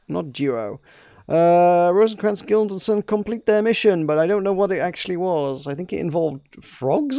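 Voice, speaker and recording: Guy rambling through a game, wry, gravelly voice, dry close sound. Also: high-pitched, normal speed, mellow, no echo. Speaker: game commentator. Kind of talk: casual let's play chat.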